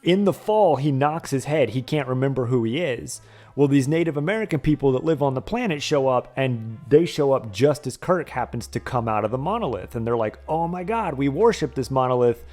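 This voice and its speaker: A man's voice: mid-range voice, a little fast, soft background music. A man streaming a retro game, casually retelling a TV episode with lots of swearing and frequent laughter. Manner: profane, laughs often, animated storytelling.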